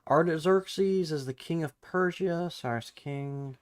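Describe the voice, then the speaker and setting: A man hosting a live-streamed Bible study, thinking out loud, correcting himself mid-sentence and reading scripture aloud while he looks up verses. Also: a little high, clean tone. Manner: halting and self-correcting, restarts numbers while looking up verses; reads scripture and viewer chat aloud.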